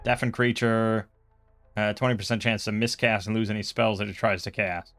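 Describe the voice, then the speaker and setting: A man's voice: lowish voice, little pitch movement, moderate pace, a bit bright, faint music behind. A man playing a solo tabletop role-playing game, reading out rules and rolls and thinking aloud in a casual way.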